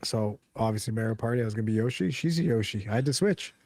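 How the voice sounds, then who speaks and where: A man's voice: fairly low pitch, animated, quick pace, darkish tone, dry recording, studio quality. A man in casual podcast banter, joking and swearing freely. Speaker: podcast co-host. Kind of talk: casual chat.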